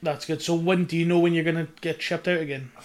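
A man's voice: on the high side, steady tone, quick pace. A young man in his twenties hosting a casual podcast with a friend, chatty, swearing and laughing often. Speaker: podcast host. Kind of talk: casual chat between friends.

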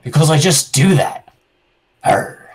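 A man's voice: fairly high pitch, moderate pace, soft background music, pitched above the performer's own voice, natural voice, low-quality recording. A swaggering young rogue in a tabletop game who insists on a theatrical pirate brogue. Every line rolls out like a stage performance, as a man puts it on. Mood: stubborn.

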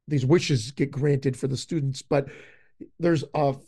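A man co-hosting a podcast in casual film talk, enthusiastic and halting as he retells favorite jokes. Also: medium pitch, steady tone, dark tone, husky. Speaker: podcast co-host. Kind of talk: casual movie review chat.

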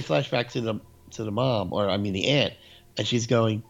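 Gravelly man telling a story. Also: lowish voice, normal speed, soft background music. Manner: animated storyteller, acts out quotes. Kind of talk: casual chat. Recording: dull lo-fi recording.

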